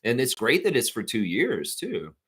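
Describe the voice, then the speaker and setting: A man talks loosely through a live fan stream in a mid-range voice. He rambles from one thought to the next and reads viewer comments out loud as he goes. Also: huge pitch swings, normal speed, slightly rough. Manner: gets loud and high-pitched when worked up. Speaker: sports fan livestream host. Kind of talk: casual live chat reacting to news.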